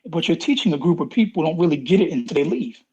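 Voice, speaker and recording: A man's voice: on the high side, very fast, breathy edge, lo-fi sound. A middle-aged man and former pro football player, a podcast guest telling stories with emphatic repetition and acted-out dialogue. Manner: animated storyteller, acts out quoted dialogue, emphatic repetition. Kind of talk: casual interview storytelling.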